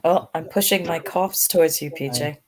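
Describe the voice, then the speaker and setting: A woman who is slightly hoarse as her voice comes back, chatting easily in a casual group talk. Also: deep voice, fairly even intonation. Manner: easygoing, quick to agree and laugh.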